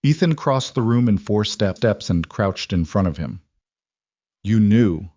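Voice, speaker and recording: Male narrator, low voice, steady dramatic thriller read, dry close muffled sound. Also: moderate pace, no room sound. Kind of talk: scripted narration.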